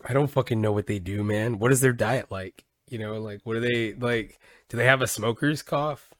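Rambling, cussing young podcast host. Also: male voice, mid-range voice, moderate pace, fairly bright tone, dry recording, studio quality. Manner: rambling, swears a lot, says dude. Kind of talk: casual chat.

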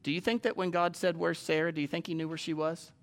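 A man preaching a sermon to a live congregation, animated and jumping up to loud exclamations and acted-out quotes. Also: a little high, fast talker. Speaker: pastor. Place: church sanctuary with a live congregation.

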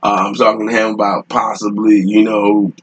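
A man's voice: lowish voice, flat delivery, normal speed, breathy edge, muffled recording. A man hosting a podcast, telling a rambling, profane story in casual talk, often laughing, recorded in a room at home. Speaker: podcast host.

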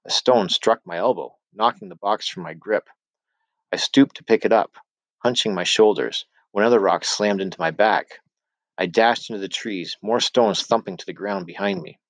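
Low-voiced man narrating a story. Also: no room sound. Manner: steady storytelling with voiced dialogue. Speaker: audiobook narrator. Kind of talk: scripted narration.

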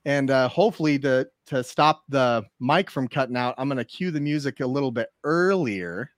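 A man hosting a casual sports podcast, excitable and teasing as he trades jabs with his co-host. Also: medium pitch, normal speed, dry recording, clean studio sound.

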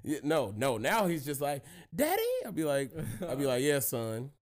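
A man's voice: mid-range voice, expressive, normal speed. A man hosting a podcast, telling stories in casual, profane chat and laughing often. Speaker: podcast host.

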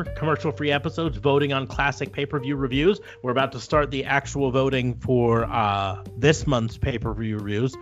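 A man's voice: medium pitch, fairly bright tone, lo-fi sound. An American man hosting a wrestling podcast, joking around in loose casual chat with lots of fillers. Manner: jokey, loose, with many fillers. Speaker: podcast host.

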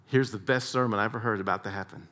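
A man telling stories dramatically in a talk with a faith message, swinging between loud and hushed. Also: on the low side, fairly even intonation, fast. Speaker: speaker, sports psychologist.

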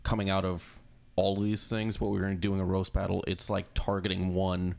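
Deep gravelly man, low-key. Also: completely flat delivery, normal speed, a little mellow. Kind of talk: casual chat.

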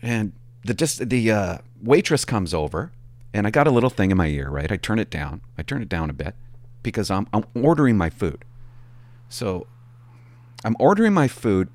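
Lively low-voiced man telling stories. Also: moderate pace, no room sound. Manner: animated, acts out quoted people. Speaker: former police officer. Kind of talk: storytelling vlog.

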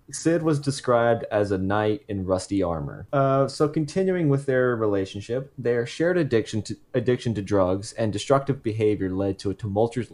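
A man's voice: fairly low pitch, a little mellow. A man co-hosting a casual podcast, telling a true case in a rambling way that stops to correct itself and throw in jokey asides.

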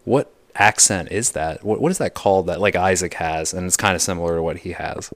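A man's voice: sits low, fairly quick, no echo. A young man co-hosting a casual podcast, rambling onto tangents and interrupting himself. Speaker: podcast co-host.

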